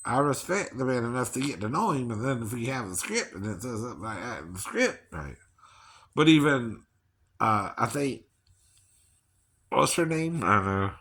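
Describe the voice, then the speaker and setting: A man's voice: mid-range voice, sing-song, moderate pace, a bit bright, breathy edge. A man from Georgia talking in a rambling casual monologue, chuckling often and tagging "right, right" onto his points.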